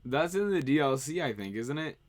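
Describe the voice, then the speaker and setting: A man's voice: medium pitch, lively intonation, a little fast, soft background music. A man streaming, chatting casually and rambling as he answers viewer questions. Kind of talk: casual livestream chat.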